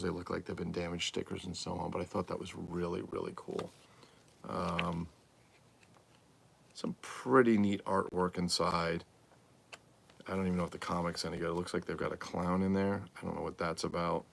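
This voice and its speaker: A man's voice: low voice, creaky, fairly bright tone, a little hiss or hum. A man hosting a live collectibles show, chatting in a rambling, enthusiastic show-and-tell way.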